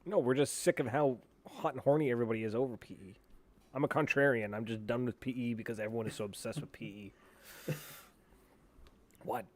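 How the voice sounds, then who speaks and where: A man's voice: medium pitch, fairly even intonation, a little fast, pauses often. Male co-host, casual and blunt, rambling delivery, everyday mid voice. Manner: rambling, blunt, swears freely. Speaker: podcast co-host. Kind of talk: casual chat.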